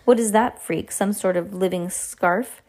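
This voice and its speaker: A woman's voice: mid-range voice, unhurried, darkish tone, lightly acted. A woman voicing a vain, snooty villainous woman.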